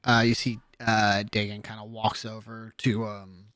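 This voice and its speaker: A man narrating a tabletop game as game master in a relaxed, loose way, with many fillers and restarts. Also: on the low side, measured pace, smooth, no echo.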